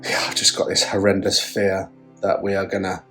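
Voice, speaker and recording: A man's voice: sits low, monotone, moderate pace, over music. A father talking casually to camera in a family vlog, chatty and open about his worries. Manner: chatty, then quietly worried.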